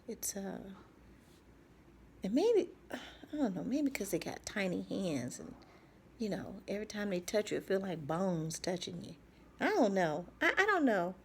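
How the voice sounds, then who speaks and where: Slow, gravelly, half-whispering woman. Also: medium pitch, big pitch swings, a little hiss or hum. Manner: halting, soft-spoken, often drops to a whisper; repeats herself, searching for words. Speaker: vlogger. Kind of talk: personal video diary.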